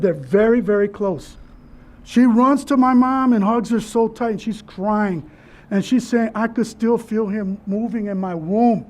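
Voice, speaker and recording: A man giving a personal memorial speech as keynote speaker, telling his story in an earnest, halting way with restarts. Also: sits high, a little mellow.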